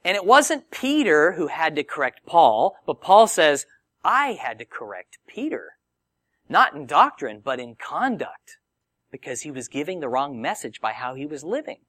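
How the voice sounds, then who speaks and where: A male preacher whose lively voice swoops widely in pitch, set fairly high for a man. He teaches in a conversational, animated way and speaks close to a dry microphone with no room sound. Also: normal speed, dry recording. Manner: animated, conversational Bible teaching with acted quotes. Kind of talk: sermon.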